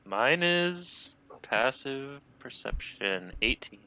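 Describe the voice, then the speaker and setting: A man's voice: mid-range voice, expressive, takes it slowly, pushed and bright. A man playing a tabletop game, laughing and describing his party in loose, casual talk. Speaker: player. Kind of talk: tabletop role-play chat.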